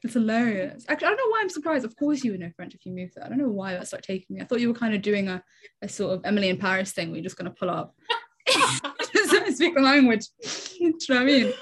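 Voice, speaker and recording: A woman's voice: mid-range voice, big pitch swings, racing, slightly rough. A woman hosting a casual podcast chat, playful and teasing, swearing freely.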